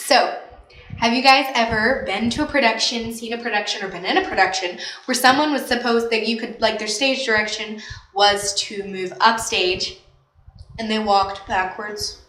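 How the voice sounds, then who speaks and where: A woman's voice: on the high side, steady tone, moderate pace, a bit bright, distant mic. Woman giving a casual acting lesson. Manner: emphatic, demonstrative. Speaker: acting teacher. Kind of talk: casual spoken lesson to camera. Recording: echoey room, mic set back.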